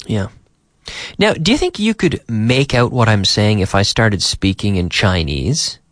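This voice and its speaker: A man's voice: on the low side, lively intonation, a little slow, a bit bright, no echo. A man teaching English on a radio show from a studio, often repeating and rephrasing for learners. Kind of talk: radio language lesson. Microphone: studio microphone.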